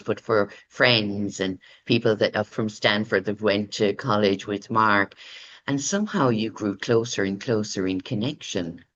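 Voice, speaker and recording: A woman's voice: rumbling low, dull audio. A woman hosting a podcast, speaking in an affirming, reflective way. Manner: affirming, reflective, softly spoken. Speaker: podcast host. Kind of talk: warm interview chat.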